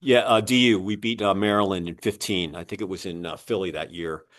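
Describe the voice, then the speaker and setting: A man's voice: low voice, brisk. A middle-aged American man telling long coaching stories in a casual interview, full of fillers and restarts. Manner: rambling, many fillers and restarts, lively quoting of others. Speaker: guest, coach.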